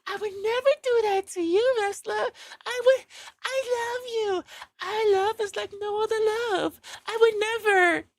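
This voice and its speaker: Brief: a man doing a sweet-talking woman in a squeaky baby voice, slow and pleading, in a dry close sound. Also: steady tone, dry recording. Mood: pleading innocence. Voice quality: high, breathy baby voice. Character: woman putting on a baby-like innocent voice.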